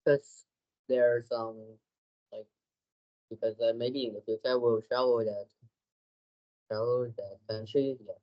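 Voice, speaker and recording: Slow, halting teenage boy learning English. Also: mid-range voice, fairly even intonation, highs cut off. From Vietnam. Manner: hesitant, halting, many fillers. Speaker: student. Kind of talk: English lesson answers.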